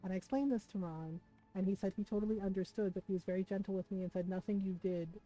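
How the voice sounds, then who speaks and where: A woman's voice: medium pitch, steady tone, fast, dark tone, soft background music, rough recording. A woman streamer chatting casually, telling a personal story to her viewers and often checking in with "right?". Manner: chatty, keeps asking "right?". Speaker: live streamer.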